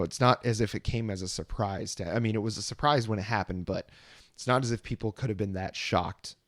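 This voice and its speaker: A man co-hosting a music podcast, talking in a relaxed, rambling way in casual chat. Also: lowish voice, no echo, clean studio sound. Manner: relaxed, rambling, many "you know" fillers. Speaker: podcast co-host.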